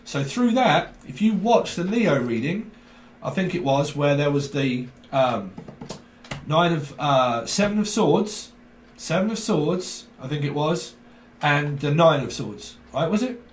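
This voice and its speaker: A man's voice: a little high, expressive, measured pace, slight background noise. Dramatic, emphatic man reading tarot. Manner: emphatic, dramatic, keeps asking "right?". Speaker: tarot reader. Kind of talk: casual video tarot reading. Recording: echoey room.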